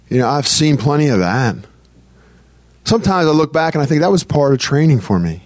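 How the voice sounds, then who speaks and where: A male preacher gives his sermon in a loose, talky way, circling back on his own phrases and stumbling through restarts. His pitch sits in an ordinary middle range. The sound is close and dry, with almost no room around it. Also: no room sound. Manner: repeats phrases, stammers restarts, reads scripture slowly.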